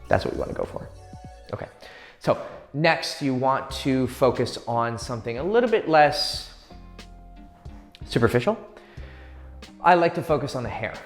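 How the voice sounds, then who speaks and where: A man's voice: medium pitch, expressive. Dating coach, a crude, cocky man talking straight to camera, echoey room with faint music behind. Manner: brash, crude and swaggering, acts out quick pick-up lines. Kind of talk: profane, direct dating advice.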